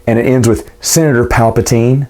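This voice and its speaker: A man talking through a book he just reread, in a loose and rambling way. He restarts sentences often and hedges as he goes. His pitch sits in an ordinary middle range for a man. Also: fairly even intonation, fairly quick, warm tone. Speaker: book reviewer. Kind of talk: casual book recap vlog.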